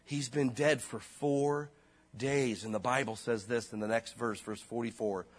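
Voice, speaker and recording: A pastor preaching a sermon in a casual, slangy way, his voice dropping low and then rising loud. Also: fairly even intonation, unhurried, slightly rough.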